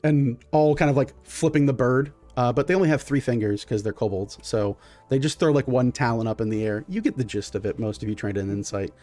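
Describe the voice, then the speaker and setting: A man's voice: medium pitch, fairly quick, mellow, faint music behind. Easygoing male game master. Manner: loose, filler-heavy narration. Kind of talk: narrating a tabletop game.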